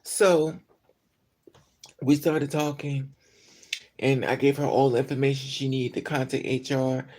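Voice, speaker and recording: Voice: medium pitch, flat delivery, measured pace, pauses often, darkish tone. A speaker venting in an emotional monologue, upset after crying all day, angry and profane, with many fillers. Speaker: vlogger.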